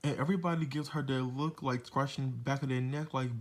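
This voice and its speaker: A man's voice: medium pitch, steady tone, fairly quick. Blunt, profane man recapping gossip. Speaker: reality TV reviewer. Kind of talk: casual episode recap commentary.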